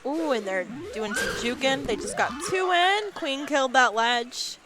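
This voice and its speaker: A woman's voice: high voice, expressive, a little slow, over loud music. A woman doing casual play-by-play commentary on an arcade game, with rambling, playful asides between calls. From northern United States. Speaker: esports league commentator. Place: arcade bar.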